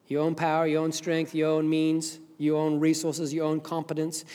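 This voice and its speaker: A middle-aged man with a Zimbabwean accent preaches from the pulpit, his voice sitting a little high for a man. He shifts between loud, fervent preaching and quiet, earnest asides. A long reverb from the church sanctuary trails every phrase. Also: level tone, normal speed, few pauses. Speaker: pastor. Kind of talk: sermon.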